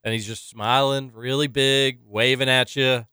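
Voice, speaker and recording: A man hosting local radio, talking in a loose, chatty way full of fillers. His voice is bright and smooth. It sits dry and close on the studio mic. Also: medium pitch, steady tone, measured pace, no echo. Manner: chatty storyteller, filler-heavy. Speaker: radio show host. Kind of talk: casual radio banter.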